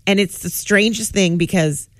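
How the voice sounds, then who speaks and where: A woman's voice: mid-range voice, normal speed, no room sound. A middle-aged woman, a guest actress, telling funny self-mocking stories in casual talk-show chat. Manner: animated storyteller, self-mocking jokes.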